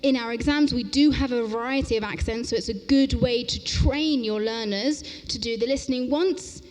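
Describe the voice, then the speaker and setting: A woman's voice: a little high, faint music behind. Upbeat woman leading a conference workshop. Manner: brisk and upbeat, often checking in with "okay?". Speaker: teacher trainer presenting a workshop. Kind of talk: interactive conference workshop talk. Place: large lecture hall at a conference. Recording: echoey lecture hall.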